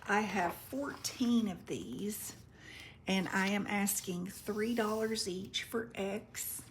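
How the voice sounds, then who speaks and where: In a casual presale video with slight background noise, a medium-pitched woman describes her vintage paper and craft items up close. The online craft seller is chatty and unhurried and gets tangled on foreign words.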